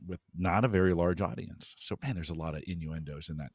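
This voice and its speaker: A man's voice: low-pitched, a little fast, a little mellow, slightly rough, dry recording, studio quality. A man co-hosting a podcast in casual chat, easygoing and chuckling, with frequent restarts. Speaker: podcast co-host.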